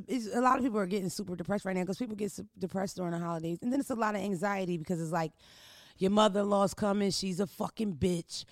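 A woman hosting a casual podcast chat, ranting loudly in a blunt, profane way. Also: mid-range voice, dry recording, clean studio sound. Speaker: podcast host. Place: indoor recording room.

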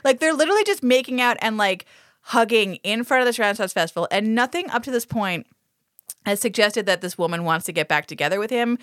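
A woman's voice: on the high side, lively intonation, a bit bright, dry recording, studio quality. A woman co-hosting a podcast, casually recapping a TV episode, swearing freely and breaking into laughter. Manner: laughs often, swears, acts out characters in quick asides. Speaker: podcast co-host. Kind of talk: casual comedic recap chat.

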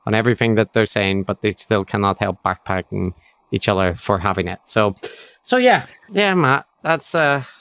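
A man's voice: fairly low pitch, animated, moderate pace, a bit bright, smooth, dry recording. A man co-hosting a podcast in casual chat, wry and ironic, often laughing. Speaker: podcast co-host.

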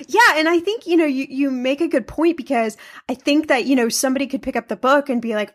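A woman podcast host with a fairly high voice. She speaks to her guest in an encouraging, conversational way and offers her own thoughts on the story she has just heard. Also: quick pace, few pauses. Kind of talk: podcast interview.

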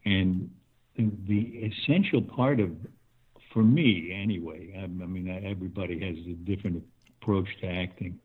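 Older male guest, husky low voice, reflective and chuckling, over a tinny phone line. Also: moderate pace. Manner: thoughtful, chuckling, with restarts. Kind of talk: conversational interview.

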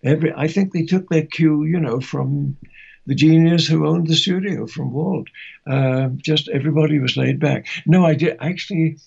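Raspy older man reminiscing, lo-fi. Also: on the high side, moderate pace. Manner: warm anecdotal storytelling with chuckles. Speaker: interview guest, voice actor. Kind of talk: reminiscing interview. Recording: muffled lo-fi audio.

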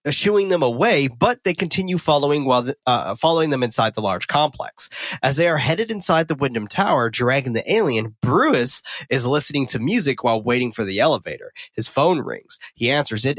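A man co-hosting a podcast, recapping a film in casual chat, excitable and swearing freely with lots of fillers. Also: mid-range voice, dry recording. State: caffeinated and talking fast.

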